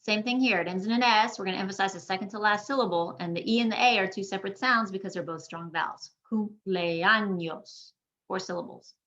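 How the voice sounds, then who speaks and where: Bright-voiced woman teaching pronunciation. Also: medium pitch, muffled recording. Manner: slow, deliberate modeling of words for repetition. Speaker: Spanish teacher. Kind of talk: online pronunciation lesson. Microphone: screen-share recording.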